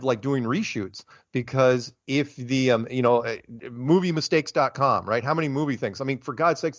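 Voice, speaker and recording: A man, a guest in a casual interview, talking in an animated, rambling way and getting worked up. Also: medium pitch, dry recording. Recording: dull lo-fi, dry sound.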